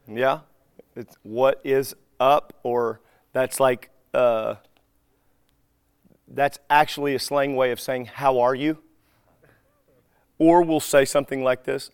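A man teaching a live group in a relaxed, conversational way. He acts out bits of everyday dialogue as he tells his stories. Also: medium pitch, measured pace, pauses often, clean tone, no echo. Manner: animated storyteller who acts out dialogue.

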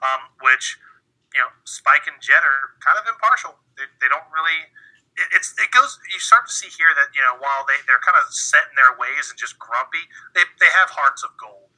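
A man's voice: fairly high pitch, normal speed, bright, forceful tone, low-quality recording. A man co-hosting a casual podcast, rambling with many fillers and restarts, now and then swearing. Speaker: podcast co-host. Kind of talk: casual chat.

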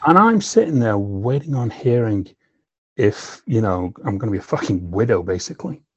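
A man's voice: on the low side, lively intonation, normal speed, slightly rough, dry recording. A filmmaker guest telling his own story candidly and emotionally, swearing often and leaning on "you know". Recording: slightly dull lo-fi recording.

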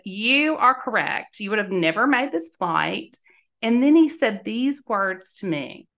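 A middle-aged woman from Mississippi with a Southern accent, a podcast host and life coach telling a personal story, acting out both sides of the conversations. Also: mid-range voice. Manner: animated, acts out both sides of dialogue. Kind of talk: storytelling monologue.

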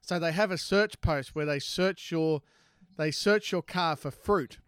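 A man's voice: a little high, unhurried, a bit bright, clean tone, no room sound. A man telling a story in casual banter, swearing freely.

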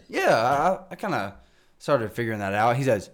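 A man's voice: medium pitch, sing-song, moderate pace. A man telling a night-out story in casual chat, laid-back and profane.

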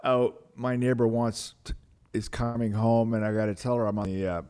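A man's voice: medium pitch, fairly even intonation, normal speed, darkish tone, smooth. An older man on a podcast as the host's father, talking hesitantly and distractedly, tripping over his words. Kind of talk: casual conversation.

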